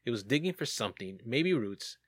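A man's voice: medium pitch, very animated, fairly quick, breathy edge, dry recording. A man hosting a casual podcast, reading sighting reports aloud and joking about them. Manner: jokey, reads reports aloud with asides.

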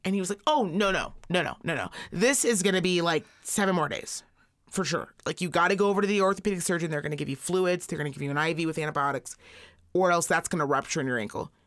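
A woman in her thirties co-hosting a podcast, telling a story in a profane, animated way and acting out the quotes. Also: lowish voice, quick pace. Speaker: podcast co-host. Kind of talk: casual storytelling chat.

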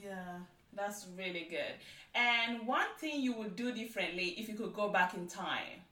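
A woman's voice: medium pitch, expressive, moderate pace, sharp tone. A woman hosting an interview, affirming her guest and asking questions. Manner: encouraging, affirming. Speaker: interview host. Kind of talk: interview conversation. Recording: roomy, distant mic.

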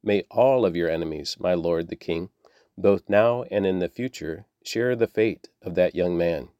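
A man's voice: deep voice, moderate pace, warm tone, no room sound, clean studio sound, lightly acted. A man reading the lines of a solemn male runner with news, formal and grave.

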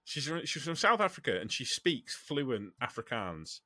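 A man hosting a casual podcast chat, animated, with frequent restarts and the odd swear word. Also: medium pitch, moderate pace, no echo, clean studio sound. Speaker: podcast host.

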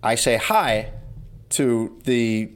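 A man's voice: medium pitch, very slow. A man co-hosting a podcast, telling stories in a wry, exasperated casual chat. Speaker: podcast co-host.

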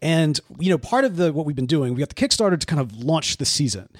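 A man co-hosting a podcast in casual, animated chat with many restarts. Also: fairly high pitch, fast talker, dry recording, clean studio sound. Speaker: podcast co-host.

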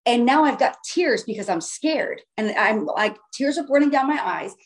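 A woman's voice: on the high side, animated, normal speed. A woman telling her own story in a casual, earnest way, often restarting her phrases for emphasis. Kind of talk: casual first-person storytelling.

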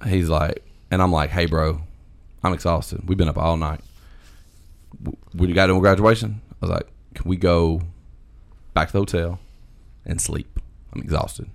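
Very deep-voiced man telling a story. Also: moderate pace. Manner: animated, swears, quotes friends. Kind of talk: casual chat, storytelling.

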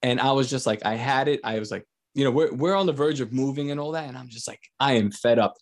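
Quick-paced and medium-pitched, a man with young children hosts a casual podcast chat. His storytelling is crude and punctuated by frequent laughter.

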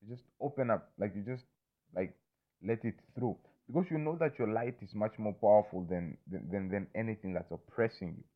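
A man with a lowish voice talks in a loose, rambling way, swearing often and circling back with "you understand me?" The sound is thin and narrow, like it came over a phone line. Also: brisk. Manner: loose, repetitive, swears freely, keeps asking "you understand me?". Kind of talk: casual rambling monologue.

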